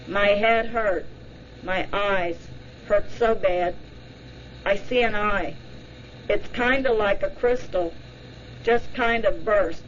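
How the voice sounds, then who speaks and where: A woman reading the part of a frightened woman recalling a strange light under hypnosis, halting and dazed. She speaks slowly at a middle pitch. The sound is muffled and lo-fi, with faint hiss. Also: natural voice.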